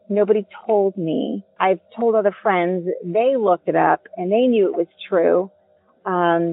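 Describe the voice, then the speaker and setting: A woman's voice: on the low side, creaky. Woman telling a story over the phone. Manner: halting, with many ums and restarts. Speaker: caller sharing a ghost story. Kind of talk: casual first-person storytelling. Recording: tinny phone line.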